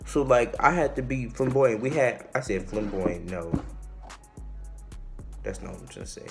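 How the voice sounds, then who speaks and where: A young man telling a casual storytime tale. He is animated and slangy, and he acts out the quotes and the shouting. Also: medium pitch, normal speed, vocal fry, over music. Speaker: vlogger.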